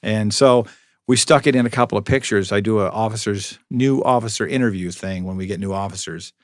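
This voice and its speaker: The fairly low-pitched, fairly quick voice belongs to a middle-aged man, a police public information officer interviewed as a guest. With no room sound, he tells drawn-out anecdotes marked by dry humor and lots of restarts.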